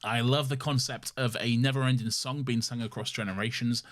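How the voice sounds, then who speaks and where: A man's voice: medium pitch, fairly even intonation, a little fast. A man with an ordinary mid-range voice chats casually as a podcast co-host. He sounds enthusiastic, but he hedges and restarts as he works through his points. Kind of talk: casual chat.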